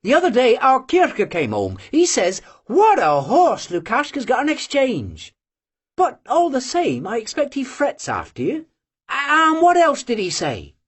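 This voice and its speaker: An audiobook reader voicing a lively, teasing young Cossack girl who gushes and presses her friend with eager questions. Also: high-pitched, a little slow, breathy edge, voice pushed up, exaggerated voice. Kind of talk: audiobook character voice.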